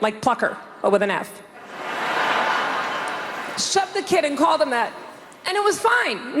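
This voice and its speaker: Brash older woman comic, high voice. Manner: brash, rapid-fire, shouting punchlines. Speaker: stand-up comedian. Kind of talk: stand-up comedy set. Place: large theater stage with audience. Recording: reverberant hall, faint noise.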